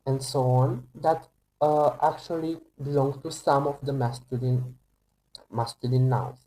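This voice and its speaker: A man teaching an online French lesson to English speakers, talking slowly and hesitantly with many fillers and restarts. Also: a little high, warm tone, slight background noise, low-quality recording. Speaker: French tutor.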